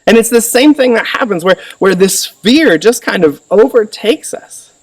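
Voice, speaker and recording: A man in his thirties preaching a sermon as pastor, animated and acting out the voices of others. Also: normal speed, no room sound. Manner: animated, acts out voices with rising pitch. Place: church sermon recording. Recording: voice a little distant from the mic.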